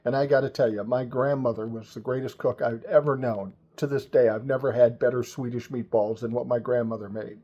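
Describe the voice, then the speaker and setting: A man's voice: medium pitch, steady tone, brisk, hardly any pauses, warm tone, highs cut off. An older man telling a family story in a casual, chatty, profane way.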